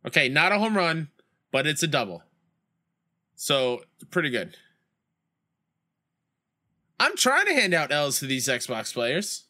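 A young man chats casually through a baseball game stream, his voice bright and forward. His pitch swings widely, jumping up into shouts when a play goes wrong, and he drifts into rambling stories between at-bats. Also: big pitch swings, takes it slowly, long pauses. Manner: reads chat aloud and tells rambling school stories. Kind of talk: casual gaming stream chat.

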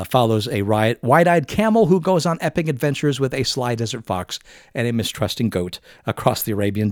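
A man's voice: mid-range voice, a little mellow, no room sound, clean studio sound. A man hosting a casual podcast, chatting animatedly about fandom and reading out entertainment news, often restarting phrases. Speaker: podcast host. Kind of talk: casual chat and news read-out.

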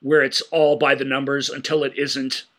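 A man's voice: medium pitch, flat delivery, normal speed, fairly bright tone. A man co-hosting a casual film podcast, retelling scenes with enthusiasm and frequent stammered restarts. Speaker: podcast co-host.

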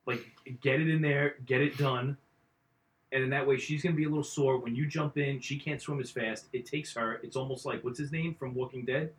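A man's voice: mid-range voice, steady tone, a little fast. A man casually commenting on a horror movie with a co-host, crude and profane with a joking edge.

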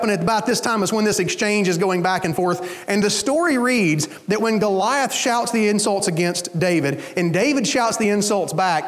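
A man preaching a sermon, telling the story in an animated way, with casual asides. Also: high voice. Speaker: pastor.

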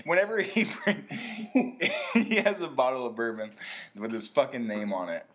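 A man's voice: mid-range voice, lively intonation, normal speed, fairly bright tone. A man co-hosting a podcast in casual chat, playful and laughing a lot, losing his train of thought as he talks. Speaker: podcast co-host.

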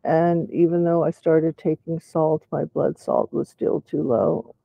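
A man talks in a casual chat with a husky, gravelly voice that comes from vocal cords which no longer close properly. He stops and restarts often, choosing careful clinical words. The sound is dry and dull, like a lo-fi recording. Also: fairly high pitch, no room sound. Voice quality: weak, poorly closing vocal cords. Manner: halting, with restarts and clinical terms. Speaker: participant in a patient discussion.

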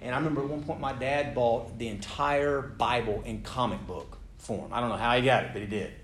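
Animated American man telling a sermon story. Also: medium pitch, brisk. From United States. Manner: animated, self-deprecating humor. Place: room with a live audience. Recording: roomy hall sound, faint background noise.

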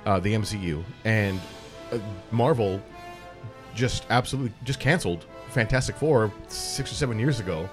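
A man's voice: on the low side, normal speed, over music. A man on a casual podcast, explaining and objecting point by point. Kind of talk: casual chat.

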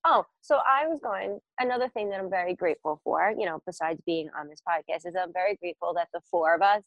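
A middle-aged woman co-hosting a podcast, telling stories in a relaxed, casual chat. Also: lowish voice, fast talker, dry recording, highs cut off. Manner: animated storyteller, breaks into laughter. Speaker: podcast co-host.

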